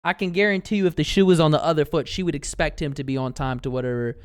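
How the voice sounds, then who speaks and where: A man's voice: fairly high pitch, fast talker, smooth. A man co-hosting a stream, chatting loosely and full of slang. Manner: loose, slangy, says "bro" a lot. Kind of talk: casual reaction chat.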